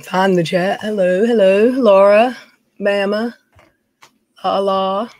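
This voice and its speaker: A woman's voice: mid-range voice, fairly even intonation, takes it slowly, darkish tone, no echo. A middle-aged woman, chatting casually on a home live stream, reading viewer names and talking in a folksy way. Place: dim room at home.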